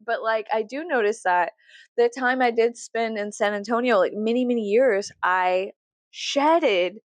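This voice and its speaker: A woman's voice: a little high, a little slow, dry recording. A woman with a Southern US accent, rambling casually to her viewers in a profane, self-mocking way and laughing often. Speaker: YouTuber.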